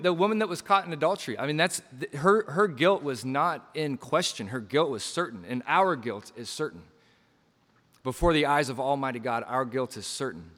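A man preaching a sermon with passion, surging to loud emphasis and dropping to quiet lines, acting out quoted voices as he tells stories. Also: mid-range voice, big-room sound. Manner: impassioned, swings between loud emphasis and quiet drops; acts out quoted lines in storytelling asides.

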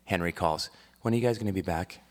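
A man's voice: low-pitched, fast, background noise. Man preaching a conversational sermon. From Washington State, US. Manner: conversational storytelling that builds to fervent preaching. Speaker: pastor. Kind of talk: sermon with personal story.

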